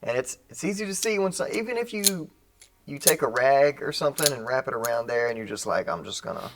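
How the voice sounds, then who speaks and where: A man's voice: mid-range voice, animated, brisk, noisy background. A man co-hosting a casual gunsmithing how-to, explaining assembly in a jokey, self-mocking way. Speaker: gunsmithing co-host. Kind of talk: casual instructional banter.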